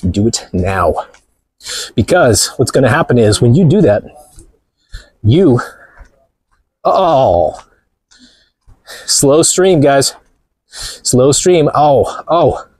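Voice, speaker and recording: A man's voice: mid-range voice, a little mellow, breathy edge, no echo. A man hosting a livestream while walking outdoors near the ocean, talking in a mocking, playful way and laughing often. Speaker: livestream host. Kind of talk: joking livestream chatter.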